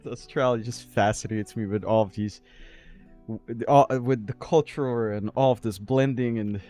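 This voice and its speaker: A man's voice: lowish voice, steady tone, moderate pace, dark tone, faint music behind. A man from the Philippines working as an esports caster, chatting casually and teasing his co-caster. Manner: joking, playful teasing. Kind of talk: casual chat between casters.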